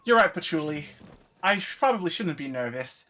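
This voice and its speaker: Man voicing a shaky nervous maid, higher-pitched voice, forcing calm politeness, casual story reading. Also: brisk, slight background noise. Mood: polite. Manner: trying to sound composed while nervous.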